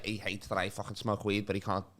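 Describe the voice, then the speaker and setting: A man's voice: lowish voice, little pitch movement, quick pace, fairly bright tone. A young man, a comedy podcast guest telling rambling, sweary stories in casual banter. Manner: sweary, rambling storyteller with frequent laughs. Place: club green room.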